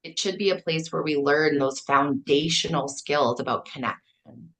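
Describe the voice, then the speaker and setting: A middle-aged Canadian kindergarten teacher with a Canadian accent, earnestly telling stories in a podcast interview and acting out the quotes with animation. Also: female voice, sits low, normal speed. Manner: earnest, storytelling, acts out quotes with lively animation. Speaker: kindergarten teacher and author, guest.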